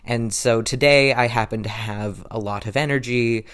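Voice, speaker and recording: With a clean, fairly bright mid-range voice at normal speed, a man rambles through a casual home vlog. He runs himself down, repeats himself and is a little short of breath; the audio comes from his camera's built-in mic, placed low.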